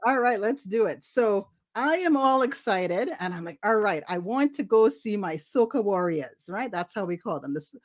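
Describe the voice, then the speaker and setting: Animated woman from Trinidad telling a story. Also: medium pitch, normal speed, few pauses. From Trinidad and Tobago. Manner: animated, acts out voices in her story. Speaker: guest storyteller. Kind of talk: casual storytelling.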